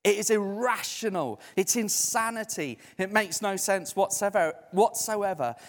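A man preaching a conversational sermon in a church hall, lively and emphatic. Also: sits high, a little slow. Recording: echoey hall.

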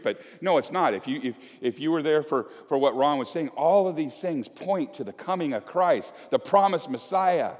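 A male pastor preaching a sermon in a church, telling homely stories in a conversational, self-deprecating way with frequent restarts. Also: fairly high pitch. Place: church sanctuary. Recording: long reverb of a church sanctuary.

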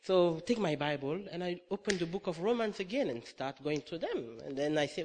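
A middle-aged man preaching a sermon, telling a personal story with lively acted-out dialogue and frequent laughter. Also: fairly high pitch, a little fast, hardly any pauses, a little hiss or hum. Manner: animated storytelling, acts out dialogue, laughs often.

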